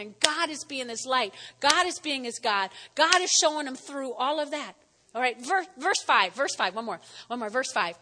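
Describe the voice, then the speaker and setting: A woman's voice: sits high, bright, forceful tone. A woman pastor preaching a conversational sermon and reading scripture aloud. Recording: long hall reverb.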